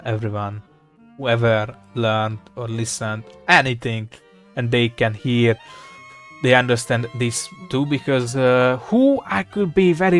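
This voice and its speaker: Rambling, irreverent man thinking aloud. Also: mid-range voice. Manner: rambling, irreverent, swears, looks things up aloud. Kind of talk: casual rambling commentary.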